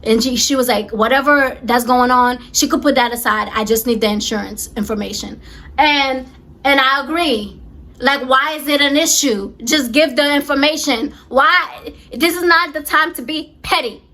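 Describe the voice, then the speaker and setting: Young woman in her 20s venting a storytime, high voice, keeps repeating herself for emphasis. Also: moderate pace. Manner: animated, emphatic retelling with many repeats. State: close to tears. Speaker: vlogger. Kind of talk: storytime vlog.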